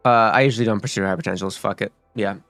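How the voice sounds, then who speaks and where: A man's voice: lowish voice, steady tone, fast, a bit bright, no room sound, faint music behind. A young man giving casual, rambling commentary while playing a game, swearing often and restarting his sentences. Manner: rambling and profane, with many fillers and restarts. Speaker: gaming streamer.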